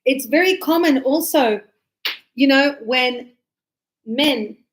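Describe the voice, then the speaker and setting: Animated middle-aged woman English teacher, high voice, acts out examples. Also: slow pace. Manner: animated, acts out little dialogues. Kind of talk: lively teaching explanation with acted examples.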